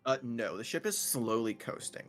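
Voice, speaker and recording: A man's voice: mid-range voice, expressive, normal speed, soft background music. A man narrating as game master in a tabletop role-playing game, laid-back and rambling.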